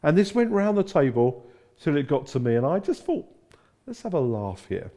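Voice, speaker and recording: A man's voice: a little high, sing-song, moderate pace, dark tone. A middle-aged man from England preaching a sermon, telling stories and acting out the quotes. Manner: storytelling with acted-out quotes. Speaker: pastor.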